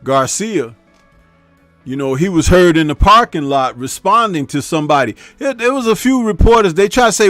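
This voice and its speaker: A man's voice: high-pitched, lively intonation, moderate pace, fairly bright tone, dry recording, faint music behind. Chatty man hosting a live stream. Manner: laughs at his own jokes, keeps tagging remarks with "huh?"; reads viewer chat aloud and talks back to it. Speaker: host. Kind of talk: casual live-stream commentary.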